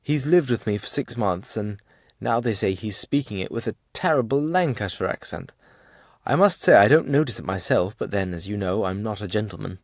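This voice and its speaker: A man reading an audiobook, voicing a plain-spoken, warm-hearted working man who tells his story earnestly. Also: on the low side, moderate pace, dry recording, studio quality.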